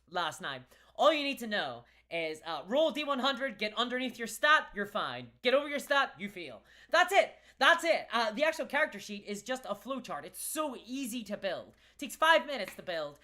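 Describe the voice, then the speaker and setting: Northern irish lady streaming, bright tense voice, chatty and laughy, reads chat out loud. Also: medium pitch. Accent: softened Northern Irish. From Northern Ireland. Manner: chatty, laughing, frequent restarts. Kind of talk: casual livestream chat reading viewer comments.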